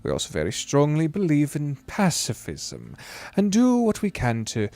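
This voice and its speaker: A kindly older Quaker man speaks in a slow, comforting drawl, as a man puts him on. His pitch rises and falls freely, and the sound is close and dry with no room around it. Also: animated, no echo, lightly acted. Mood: calm, earnest. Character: gentle older male Quaker host.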